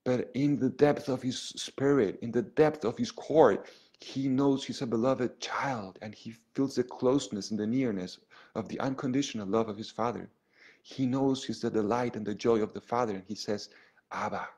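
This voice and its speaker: A man, a priest, giving an earnest spiritual lesson to an online group. He often restarts his phrases and checks in with "okay?", and he moves between loud emphasis and soft, hushed lines. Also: medium pitch, moderate pace.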